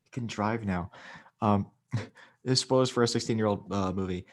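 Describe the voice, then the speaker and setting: A man's voice: on the low side, moderate pace. Rambling young man stammering through casual chat. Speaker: podcast co-host.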